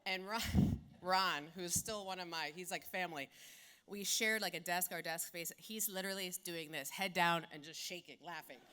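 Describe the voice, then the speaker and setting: Woman, 40s, keynote storyteller, bright forceful tone, punchy and profane. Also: lowish voice, normal speed, clean tone. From South Philadelphia. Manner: animated, blunt and profane. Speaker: keynote speaker.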